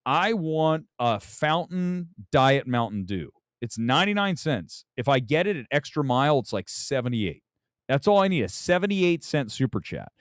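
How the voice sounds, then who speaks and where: A man hosting a casual movie talk livestream, loud, profane and rambling. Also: medium pitch, clean tone, dry recording, clean studio sound. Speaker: movie talk show host.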